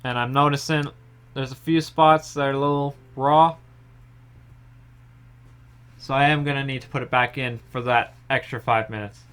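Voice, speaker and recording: A young man in his home kitchen, calmly explaining each step of a pie recipe in a casual tutorial. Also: mid-range voice, moderate pace, pauses often, clear, resonant tone. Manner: relaxed step-by-step explaining, trailing off softly. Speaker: home baker.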